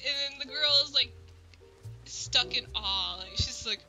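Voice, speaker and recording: A woman's voice: a little high, a little slow, rough recording. A young woman casually telling a story while drawing, laughing often as she quotes people. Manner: laughs often, animated quoting. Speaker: video creator. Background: jazz music.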